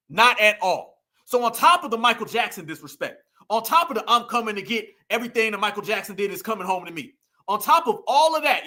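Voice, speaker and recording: Man, online commentator, emphatic, rhetorical questions, bright forceful tone. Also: sits high. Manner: fired-up, keeps asking the audience rhetorical questions.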